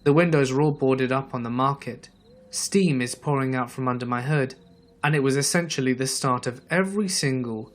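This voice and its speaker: A man giving a measured, dramatic scripted narration of true horror stories. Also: medium pitch.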